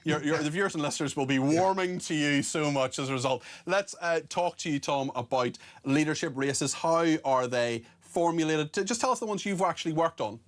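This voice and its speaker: A man's voice: on the high side, a little fast, few pauses. A man hosting a talk show, reading out viewer messages in a chatty, wry way with frequent fillers. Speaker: host.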